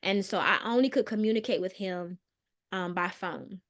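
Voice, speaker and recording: A mental health counselor, appearing as a podcast guest, recounts a painful personal story in a medium-pitched voice. She is earnest and hesitant, with many pauses and restarts, and grows soft and subdued on the hardest details.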